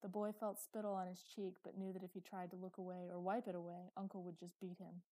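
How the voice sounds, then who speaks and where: Low, mellow woman narrating a story. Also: little pitch movement, quick pace, no room sound, rough recording. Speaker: audiobook narrator. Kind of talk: scripted dark fantasy narration.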